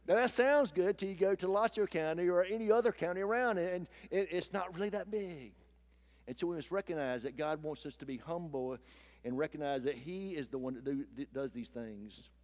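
A man preaching a folksy, animated sermon as pastor, acting out little quoted voices. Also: sits high.

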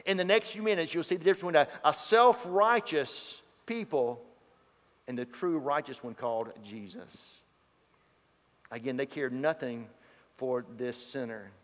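A man preaching a sermon, telling stories and swinging from loud to hushed. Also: medium pitch, expressive, moderate pace. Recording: dull sound in a reverberant hall.

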